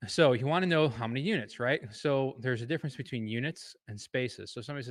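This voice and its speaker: A man from Illinois explains valuation in an easygoing classroom manner, full of fillers and quick restarts. His voice sits at a middle pitch and is recorded close and dry, with no room sound. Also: no echo. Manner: loose and conversational, many fillers and self-corrections. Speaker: real estate educator. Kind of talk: casual teaching talk. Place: indoor room with a board.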